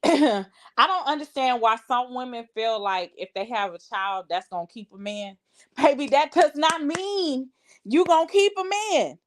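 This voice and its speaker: Congested woman, sassy live-chat host, a bit high-pitched. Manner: sassy, talks straight to viewers, reads comments aloud. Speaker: livestream host. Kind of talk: casual live-chat commentary.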